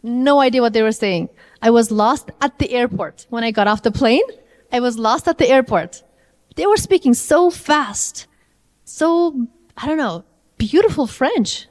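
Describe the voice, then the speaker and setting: A woman's voice: a little high, lively intonation, a little slow. A woman giving an interactive language lecture to a live audience, often asking them questions. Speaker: IELTS trainer. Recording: long hall reverb.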